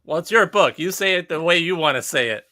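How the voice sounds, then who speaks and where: A man's voice: on the high side, expressive, a little fast, sharp tone. A man co-hosting a casual livestream chat, making brief, joking remarks.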